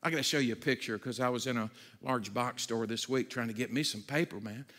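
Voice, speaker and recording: Bright, energetic pastor, man. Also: mid-range voice, quick pace, in a large hall. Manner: energetic and conversational, with humorous asides; frequent stammered restarts. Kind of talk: sermon.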